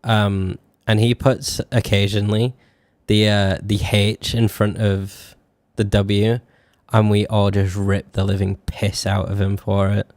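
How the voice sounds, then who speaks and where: A young northern English VTuber chats on a live stream in a low-leaning, darkish voice that moves little in pitch and stays unhurried, with no echo. His Yorkshire accent has a slight Scottish and posh mix. He rambles, swears, laughs often, and leans on many fillers.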